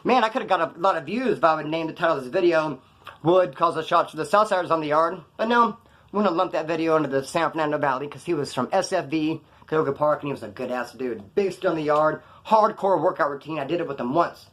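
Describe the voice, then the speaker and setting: A man telling prison stories in a rapid, slangy monologue, acting out the voices of the people in them. He is from Kern County, California. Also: on the high side, a bit bright. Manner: rapid, slangy, quotes others in put-on voices. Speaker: prison storyteller vlogger. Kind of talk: fast casual storytelling monologue.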